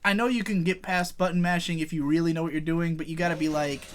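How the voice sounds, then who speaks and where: A man's voice: fairly high pitch, fairly even intonation, fast talker. A young man chatting casually while playing a fighting game, rambling and swearing, often laughing. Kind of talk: casual chat over gameplay.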